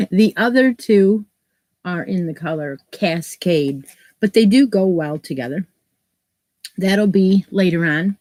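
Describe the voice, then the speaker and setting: A woman's voice: fairly low pitch, animated, takes it slowly, a little mellow, no echo. A woman hosting a crochet live stream, chatting casually and greeting viewers by name, her nose stuffed up from allergies. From New York State, US. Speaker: crochet channel host.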